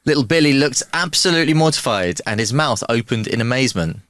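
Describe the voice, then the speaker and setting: A man's voice: medium pitch, lively intonation, quick pace, a bit bright, dry recording, clean studio sound. A man, a podcast guest, telling jokes playfully and doing little voices for the characters. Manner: playful storyteller who does voices in jokes. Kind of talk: casual joke-telling chat.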